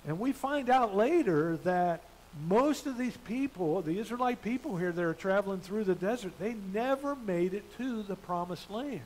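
High-voiced man preaching a sermon. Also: lively intonation, normal speed, darkish tone, a little hiss or hum, rough recording. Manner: conversational, with many fillers and restarts. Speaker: pastor. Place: church.

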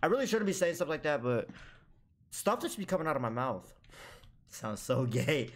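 A young man giving crude, joking commentary on a horror game, mock-scolding the screen and breaking into sudden high yelps when startled. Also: sing-song, moderate pace. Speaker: gaming YouTuber.

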